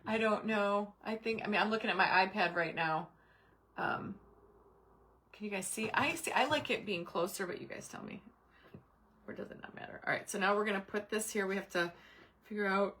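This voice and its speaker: A middle-aged woman's mid-range, fairly bright voice comes at a moderate pace as she hosts a craft livestream. She chats with viewers by name between bouts of concentrated muttering, all caught on a camera mic at her desk.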